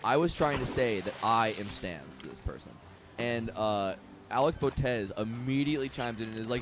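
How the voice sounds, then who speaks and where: A man in a casual podcast chat, telling a story in a lively way and acting out the voices of other people. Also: medium pitch, a little fast, background noise. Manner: animated, acts out voices in his stories. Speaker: podcast co-host.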